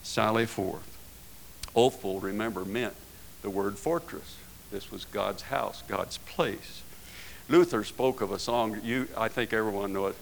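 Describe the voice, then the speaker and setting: A man's voice: fairly low pitch, measured pace, vocal fry, a little hiss or hum, rough recording. A man preaching a sermon in a folksy way, often ending his points with tag questions and rising into emphatic bursts.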